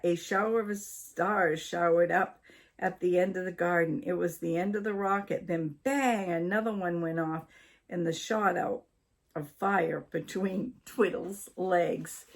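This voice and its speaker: Slow older woman reading a storybook. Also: fairly low pitch, steady tone. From Maine, USA. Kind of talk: reading a children's story aloud.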